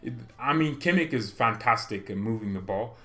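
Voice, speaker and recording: A man's voice: lowish voice, animated, moderate pace, pushed and bright. Rambling young man hosting a fan stream. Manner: rambling, stammering, laughs often, reads chat aloud. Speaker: fan channel host. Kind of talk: casual livestream chat.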